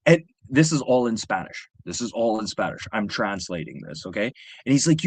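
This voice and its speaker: A man on a livestream, telling a rambling, profane story in a casual, animated way. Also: medium pitch, brisk, no room sound. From Canada. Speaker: livestream host. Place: home livestream setup.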